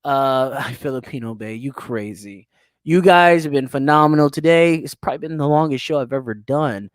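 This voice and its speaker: A man's voice: medium pitch, moderate pace, no echo, studio quality. A man hosting a livestream talk show, ranting casually and profanely while answering viewer comments. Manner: profane, animated rant.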